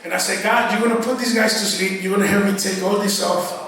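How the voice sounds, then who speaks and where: A man with a high, fairly bright voice speaks fast in a steady tone, casually telling his story as a guest speaker giving a church testimony and quoting his own past thoughts. He's recorded on a distant mic in an echoey church sanctuary, with a congregation faintly calling out responses in the background.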